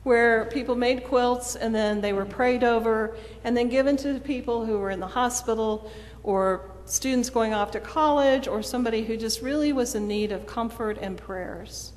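A woman's voice: a little high, normal speed, darkish tone. A woman preacher delivering a sermon in a storytelling manner, acting out the quoted dialogue. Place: church sanctuary. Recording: long church reverb.

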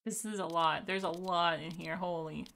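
A woman's voice: lowish voice, steady tone, moderate pace, vocal fry, a bit bright. A young woman from Canada streaming live, chatting in a bubbly way with viewers and laughing often as she thanks them. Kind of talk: casual live-stream chat over gameplay.

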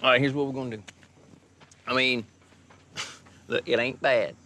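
A man playing a gentle, encouraging father who coaxes his son along with folksy talk, in a film drama. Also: medium pitch, fairly even intonation, unhurried, slight background noise. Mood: coaxing. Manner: folksy, coaxing pep talk. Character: gentle, encouraging working-class Southern dad.

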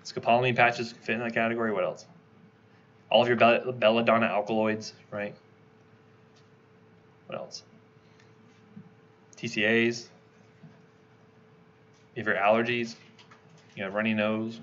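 A man giving a conversational lecture, quizzing his class with quick questions as he teaches. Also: fairly low pitch, little pitch movement, fairly bright tone, dull audio, a little hiss or hum. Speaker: toxicology lecturer.

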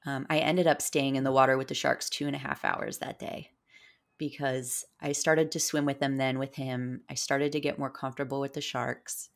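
A woman with a creaky bass voice, level tone and moderate pace appears as a podcast guest and psychedelic guide. In this casual interview she tells a personal story in a rambling way, full of fillers.

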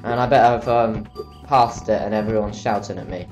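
A man's voice: on the low side, fairly even intonation, normal speed, darkish tone, faint music behind. A tired young man giving rambling, self-mocking commentary while playing a video game. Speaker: let's play commentator. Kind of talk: casual gameplay commentary.

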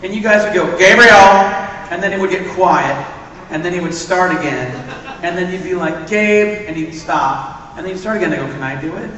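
Animated man telling stories in an echoey hall. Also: fairly high pitch, quick pace, slight background noise. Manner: animated anecdote-telling, acts out quotes. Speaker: podcast co-host on stage. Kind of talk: live panel storytelling. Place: large convention hall stage. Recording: echoey hall recorded from far off.

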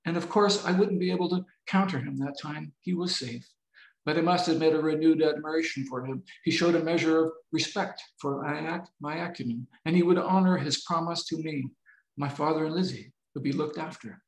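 Man reading with a gravelly voice. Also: a little high, brisk. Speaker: novelist. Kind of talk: reading his novel aloud. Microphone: video call. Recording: roomy video-call audio.

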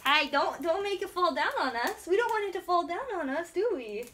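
A high-pitched young woman gushes through a casual home vlog, bubbly and excitable as she chats to her toddler between remarks. The recording carries a clear layer of background noise. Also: brisk. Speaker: mom vlogger. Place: home room with backdrop.

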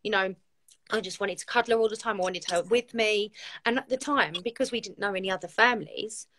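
A woman's voice: mid-range voice, fairly quick, fairly bright tone. A woman, a guest on a live video chat, telling her own story in a candid, heartfelt way. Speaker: guest, community founder.

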